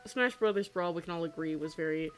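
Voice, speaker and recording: Woman in her 20s chatting while she draws, giggles a lot, lots of um and like, kinda low voice. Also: fast talker, faint music behind. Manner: rambling, giggly, many fillers. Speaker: streaming artist. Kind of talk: casual chat while drawing.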